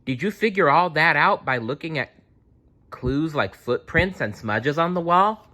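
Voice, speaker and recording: Storybook waitress, eager and squeaky-high, lively bright delivery, read by a man. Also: a little slow. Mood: amazed. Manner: high, excited questions. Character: young female pizza place waitress, eager.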